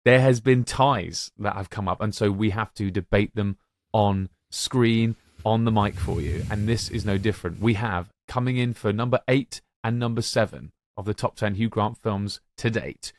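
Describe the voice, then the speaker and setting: A man's voice: on the low side, normal speed, no room sound. Young man hyping films with showman flair. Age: young adult. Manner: animated, showman-like addresses to listeners. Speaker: podcast co-host. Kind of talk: enthusiastic film-ranking chat.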